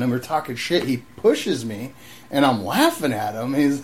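A man's voice: mid-range voice, sing-song, moderate pace. Loose, swearing young man telling stories. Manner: loose, profane, restarts often and acts out voices in anecdotes. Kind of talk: casual chat.

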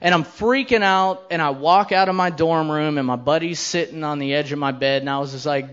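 A man's voice: a little high, normal speed, hardly any pauses, a bit bright, smooth, lo-fi sound. A man in his thirties doing a stand-up comedy set, telling a crude story with brash, profane delivery and quoted voices.

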